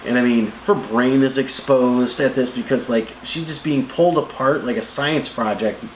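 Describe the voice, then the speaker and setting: A man co-hosting a casual movie review, animated, jumping into high voices to act out scenes. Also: normal speed. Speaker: co-host of a movie review show. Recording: echoey room with faint noise.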